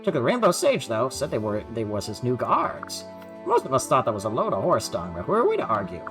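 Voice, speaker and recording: A man voicing a blunt, folksy country townswoman in a put-on Southern US accent with rough grammar. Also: mid-range voice, wildly swooping pitch, brisk, over music. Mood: folksy warning.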